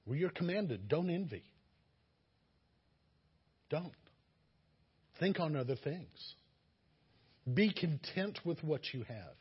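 A man's voice: mid-range voice, lively intonation, takes it slowly, long pauses, breathy edge, muffled recording. A man preaching a sermon, earnest and exhorting, sometimes acting out the voices of listeners. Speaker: pastor.

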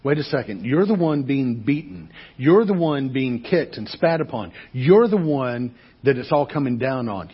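A man preaching a sermon as pastor, talking to the congregation in a conversational, animated way and asking rhetorical questions. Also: medium pitch, normal speed, few pauses, breathy edge, lo-fi sound.

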